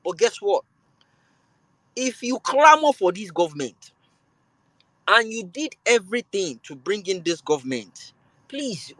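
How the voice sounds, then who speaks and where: A Nigerian man hosting a show, delivering an impassioned political rant that swings between calm and loud. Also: high voice, no room sound, low-quality recording. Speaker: show host.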